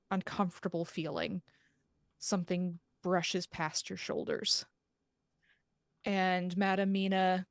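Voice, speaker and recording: A woman game master narrating a tabletop horror game with measured, atmospheric storytelling. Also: lowish voice, clear, resonant tone, no room sound, clean studio sound.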